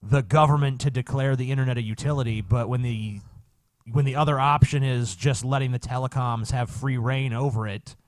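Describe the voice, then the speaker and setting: A man's voice: medium pitch, fairly even intonation, fairly quick, no echo. A man co-hosting a podcast in casual banter, profane and sarcastic. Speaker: podcast co-host.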